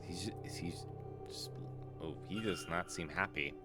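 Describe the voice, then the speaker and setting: A man's voice: deep voice, measured pace, over loud music. A man casually commenting on a mystery game during a live stream, chatty and wry, swearing and joking with the chat.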